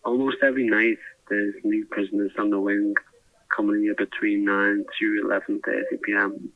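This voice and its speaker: Man, low flat voice, bright tone, hesitant, rambling, prison phone line. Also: moderate pace, dry recording. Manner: hesitant, rambling with restarts and fillers. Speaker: podcast diarist. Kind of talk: diary recorded over a prison phone. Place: prison cell. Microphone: phone handset.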